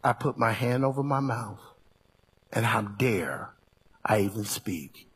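A male preacher voicing a humbled man who speaks low and subdued. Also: slow, a bit bright, husky, heavily acted. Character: humbled man pleading then falling silent.

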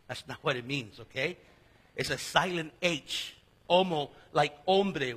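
A man's voice: on the high side, normal speed, fairly bright tone, husky. A man preaching a sermon with Bible teaching, telling stories animatedly with jokes and asides. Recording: long hall reverb.

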